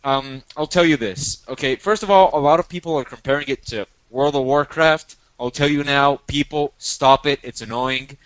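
A man's voice: medium pitch, normal speed, few pauses, fairly bright tone, no room sound, poor audio. A man co-hosting a podcast in casual chat, playful and teasing, often repeating himself. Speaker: podcast co-host.

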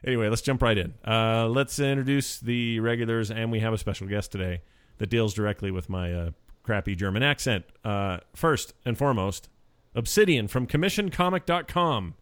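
A man's voice: on the low side, moderate pace, clear, resonant tone. A man hosting a podcast in casual chat, joking and bantering with his co-hosts. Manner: jokey, playful banter. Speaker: podcast host.

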